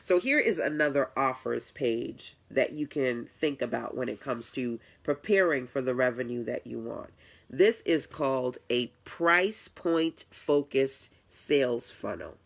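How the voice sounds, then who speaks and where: A woman's voice: a bass voice, animated, unhurried, creaky. A woman business coach teaching a live web class, upbeat and chatty, laughing often and slipping into colloquial asides. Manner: colloquial, acts out clients' voices.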